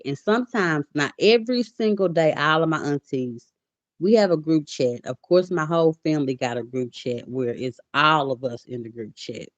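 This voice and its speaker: Woman, 40s, livestream host; deep, dry voice, chatty and heartfelt, dull lo-fi sound. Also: no echo. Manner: chatty, greets viewers mid-story; emotional, softening to quiet. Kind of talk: casual livestream chat. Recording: dull lo-fi audio.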